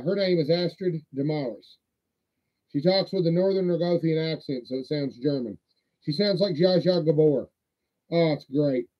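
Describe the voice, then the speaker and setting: A man with a fairly high voice, rambling and swearing in a folksy way as he hosts a livestream. His audio sounds dull and lo-fi. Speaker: livestream host. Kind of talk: casual livestream show-and-tell.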